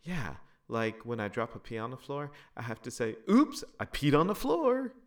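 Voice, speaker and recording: A man's voice: mid-range voice, wildly swooping pitch, normal speed, voice pushed up. A man voicing a thoughtful, curious young girl who asks earnest questions.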